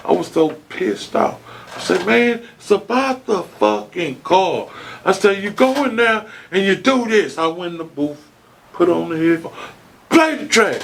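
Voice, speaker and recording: A man's voice: sits high, unhurried, vocal fry, slight background noise. A man telling a long story as an interview guest, cursing freely and acting out the quotes. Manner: animated storyteller, swears freely, acts out quotes.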